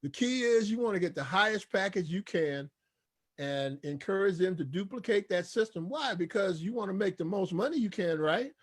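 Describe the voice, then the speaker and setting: Man, higher-pitched voice, upbeat, preacher-style sales presenter. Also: expressive, normal speed, slightly rough. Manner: preachy, call-and-response; enthusiastic, repetitive hype.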